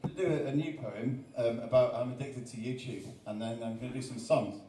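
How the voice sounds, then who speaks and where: A man's voice: medium pitch, a little fast, warm tone, recorded from a distance, a little hiss or hum. A man from Wales, a performance poet, reciting rhyming verse at a live arts-centre event, with joking chatty asides between poems. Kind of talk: live spoken-word performance. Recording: echoey room, voice from off the mic.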